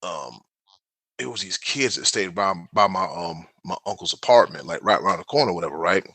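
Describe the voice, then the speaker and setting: Bright-voiced South Carolina man telling stories. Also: deep voice, brisk, breathy edge, no echo. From South Carolina, USA. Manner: animated storyteller, laid-back and joking. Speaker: podcast co-host. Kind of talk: casual chat.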